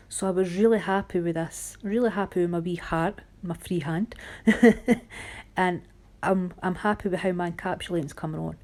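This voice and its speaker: A woman's voice: fairly low pitch, dark tone. A woman narrating a nail art tutorial in a chatty, homely way, often critical of her own work. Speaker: nail art channel host.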